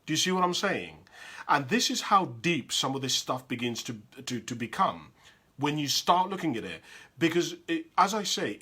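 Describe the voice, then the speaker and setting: A man's voice: a little high, pushed and bright. Reflective man, candid personal talk. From Uganda. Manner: reflective, candid, often pauses and restarts. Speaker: speaker sharing personal reflections.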